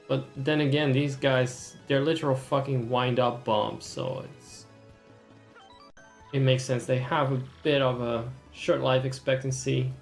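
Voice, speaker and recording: A young man talks over a game with wry, sardonic asides and reads the dialogue aloud in put-on voices. His voice has a gravelly, fry-tinged edge. Faint game music plays behind him. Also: mid-range voice. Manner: wry, sardonic running commentary. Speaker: streamer. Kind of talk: gaming stream commentary with voiced dialogue.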